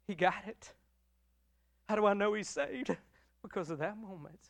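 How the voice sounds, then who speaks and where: A middle-aged man preaching a sermon as pastor, emotional and emphatic, swinging between loud declarations and hushed passages. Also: high-pitched, moderate pace, creaky, pauses often.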